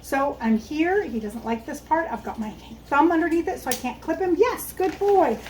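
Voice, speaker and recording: A woman with a high voice walks through a dog-training lesson, explaining each move as she makes it. She stops now and then to praise the dog softly. Faint background noise sits under her voice. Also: animated, fairly quick, low-quality recording. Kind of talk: instructional demonstration.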